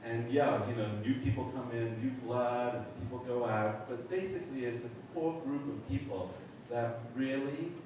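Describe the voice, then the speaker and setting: A middle-aged man telling a lively anecdote at a memorial, swearing, laughing and acting out other people's voices. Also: medium pitch, normal speed. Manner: animated storyteller, swears, acts out voices, laughs. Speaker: memorial speaker. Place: large event hall. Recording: echoey hall from far off, noisy.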